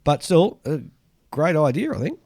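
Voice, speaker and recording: A man's voice: on the high side, big pitch swings, normal speed, vocal fry, a little mellow, dry recording. An Australian man co-hosting a casual hobby podcast, chatting and reading listener mail aloud with dry asides. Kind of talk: casual chat.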